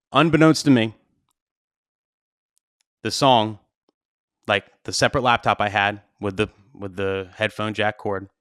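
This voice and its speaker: A man's voice: lowish voice, fairly bright tone, clean tone, dry recording, clean studio sound. A young man, a DJ hosting his own show, telling a story casually and animatedly, swearing freely and acting out his own panic. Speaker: wedding DJ and show host.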